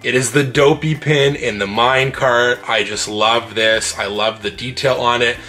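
A man's voice: mid-range voice, steady tone, a little slow, pushed and bright, soft background music. A Canadian man co-hosting a casual unboxing vlog, gushing with enthusiasm about what he opens. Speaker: channel co-host.

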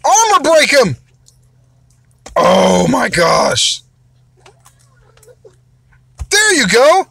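A father giving gameplay commentary, excitable, wailing and shouting whenever a battle goes badly. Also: very high-pitched, drawn-out words, gravelly, long pauses. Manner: excitable, wails and shouts over losses. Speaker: father, mobile gamer.

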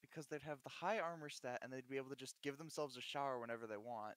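Player, man, quick bouncy chatter, faint hiss behind. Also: medium pitch. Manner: rambling, excited, thinks aloud. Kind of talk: casual chat.

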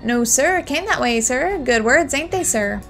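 A woman's voice: high-pitched, lively intonation, a little slow, a bit bright, faint music behind, full character voice. Woman putting on a fawning shopkeeper voice. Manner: obsequious, ends lines with "sir", odd accent. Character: fawning male costume shop vendor.

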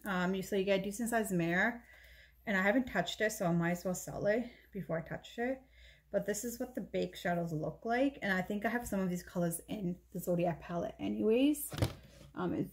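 A woman beauty vlogger talking casually as she shows her makeup, chatty and rambling, often correcting herself mid-sentence. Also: mid-range voice. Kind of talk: casual chat showing makeup.

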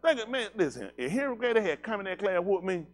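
A man preaching to his congregation in a blunt, animated, conversational way, using slangy speech, asking listeners questions, and often laughing. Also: high-pitched, fast talker. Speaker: pastor.

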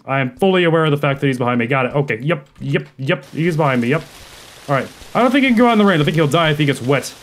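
A man hosting a horror game playthrough, talking to himself in jumpy, profane commentary that swings from muttering to yelling. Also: a little high, expressive, fast talker. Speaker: gaming video host.

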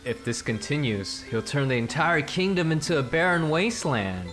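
A man's voice: a little high, lively intonation, normal speed, fairly bright tone, faint music behind. A man voicing a determined young male hero with an earnest, resolute manner.

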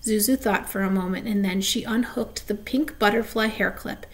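A woman reading a children's chapter book aloud, gently, with small asides and slips. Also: medium pitch, normal speed. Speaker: storybook reader.

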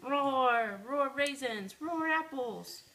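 A woman's voice: sits high, animated, slow, sharp tone. A mother reading a picture book aloud to her child at home, playful and sing-song, with growled roars. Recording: noisy home video.

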